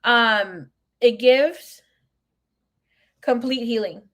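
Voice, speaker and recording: A woman's voice: on the high side, very slow, a bit bright. A woman giving a casual live tarot reading, chatting and telling stories to viewers she calls by name. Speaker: tarot reader.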